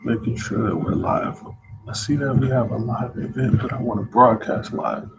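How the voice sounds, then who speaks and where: A man's voice: mid-range voice, moderate pace, creaky, heavy background noise. A man hosting a live stream, chatting casually and muttering to himself while he sorts out the broadcast.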